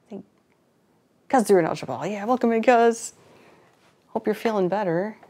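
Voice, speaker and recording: A woman's voice: mid-range voice, normal speed, darkish tone. A woman hosting a live painting stream, chatting casually with viewers, laughing often and greeting chat while she works. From Florida.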